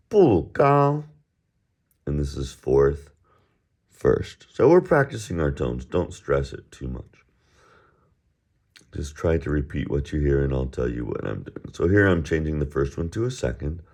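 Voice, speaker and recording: A man teaching Mandarin tones in an easygoing way, drilling words and repeating them, with relaxed chatty asides. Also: extremely low pitch, moderate pace, creaky. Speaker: Chinese teacher. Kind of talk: recorded language lesson.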